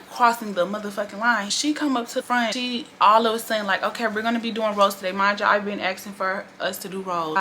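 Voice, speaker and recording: A woman's voice: medium pitch, sharp tone, a little hiss or hum. A woman vlogger telling a workplace story in casual, blunt, profane chat.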